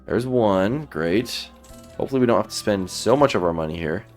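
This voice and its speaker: Gaming commentator, male, very low voice, laid-back running commentary, faint music underneath. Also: normal speed. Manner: relaxed, thinking aloud while playing. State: sleepy, yawning. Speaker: gaming YouTuber. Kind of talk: let's play commentary.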